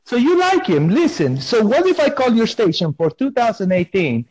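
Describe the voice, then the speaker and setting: A man's voice: very high-pitched, sing-song, moderate pace, darkish tone, no echo. A man hosting a podcast in a comic character persona, playfully insisting he has no accent, talking on a phone call.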